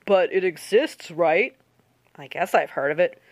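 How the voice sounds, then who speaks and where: A woman playing a quiet teenage boy who mutters his lines reluctantly and keeps them soft. The sound is close and dry. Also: on the low side, lively intonation, a little slow, no room sound.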